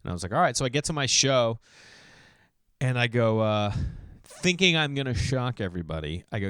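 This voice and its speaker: A man's voice: medium pitch, sing-song, brisk, a bit bright, smooth, no echo. A middle-aged man hosting a podcast, telling loose, digressive comedic stories in a solo monologue. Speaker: podcast host.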